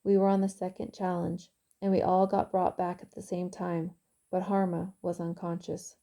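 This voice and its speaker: A woman author reading her own novel aloud in calm, even audiobook narration. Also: on the low side, moderate pace.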